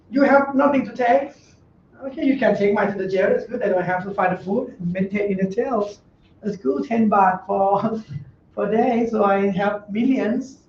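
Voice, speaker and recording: A male monk with a high, darkish voice gives a casual dharma talk to a Dhamma class in a meditation center hall. He's blunt and jokey, laughing as he speaks broken English. Sound is roomy and distant, recorded on a dull mic with faint noise.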